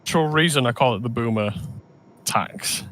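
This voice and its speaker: Young male co-host from Britain, sharp bright tone, wry jokey delivery. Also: medium pitch, a little fast, slight background noise. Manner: joking, wry asides. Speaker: podcast co-host. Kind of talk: casual chat.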